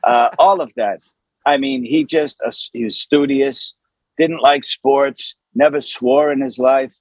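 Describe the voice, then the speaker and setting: A man, an actor, telling an anecdote in an animated, conversational way with lots of fillers. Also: medium pitch, a little slow, slightly rough, no room sound, poor audio. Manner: animated, with many fillers and acted quotes.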